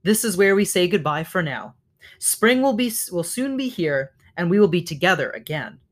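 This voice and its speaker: A man voicing a gentle female robot mother in a storybook reading, speaking calmly and evenly. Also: sits high, moderate pace. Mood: tender.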